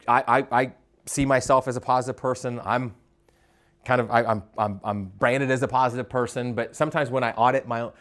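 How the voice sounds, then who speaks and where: A man giving a live leadership workshop, animated, asking the audience questions and stumbling over quick restarts. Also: mid-range voice. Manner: animated, asks the crowd questions, stammers on restarts. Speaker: leadership speaker.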